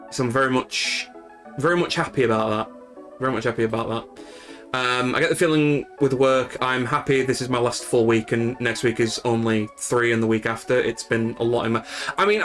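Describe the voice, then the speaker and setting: With a fairly bright, medium-pitched voice, a Yorkshireman from the north of England rambles casually to his stream's viewers in a Yorkshire accent, often restarting and using fillers.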